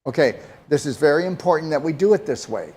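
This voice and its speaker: A man's voice: on the high side, lively intonation, fast talker, darkish tone, breathy edge. A man giving health advice to a caller, talking directly and emphatically and pressing her with pointed questions. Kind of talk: call-in advice talk.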